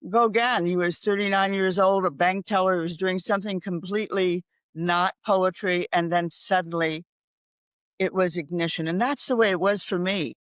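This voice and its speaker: A woman's voice: on the low side, steady tone, moderate pace, dry recording. An older woman speaking as a guest on a podcast interview. She is reflective, reciting poetry and laughing easily. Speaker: guest expert. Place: home in Ireland.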